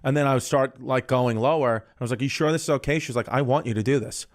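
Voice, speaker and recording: A man's voice: mid-range voice, fast talker. A man on a podcast telling a long, crude personal story in casual chat, quoting everyone with 'he goes' and swearing bluntly.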